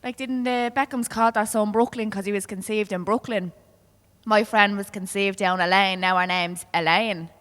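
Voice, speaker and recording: A woman's voice: medium pitch, steady tone, moderate pace, fairly bright tone, long reverb tail, a little hiss or hum. A woman with a Dublin accent doing a chatty stand-up set, full of fillers and broad local slang. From Ireland. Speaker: stand-up comedian.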